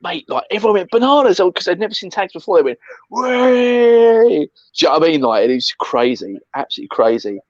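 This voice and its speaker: Animated man telling stories. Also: on the high side, racing, few pauses, dry recording, lo-fi sound. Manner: animated storyteller, acts out others, swears. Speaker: co-host. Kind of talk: casual chat.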